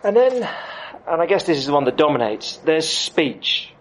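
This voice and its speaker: A middle-aged man preaching a sermon, emphatic, with dramatic pauses. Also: on the high side, sing-song. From United Kingdom.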